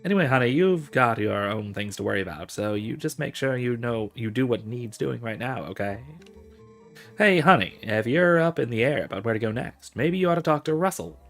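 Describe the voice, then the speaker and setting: A man's voice: medium pitch, expressive, fairly quick, soft background music, lightly acted. A man reading the lines of a motherly middle-aged woman who keeps a tavern in a video game, affectionate and calling everyone honey.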